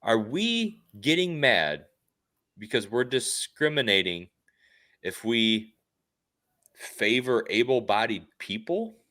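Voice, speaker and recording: Man, podcast co-host, incredulous, questioning, lively pitch. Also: slow pace, long pauses. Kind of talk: casual podcast banter.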